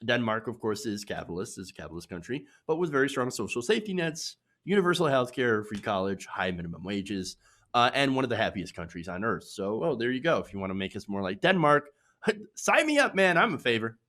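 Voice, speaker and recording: A man from Michigan hosting casual political commentary, sarcastic and quick to laugh. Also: fairly low pitch, sing-song, sharp tone. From Michigan, USA.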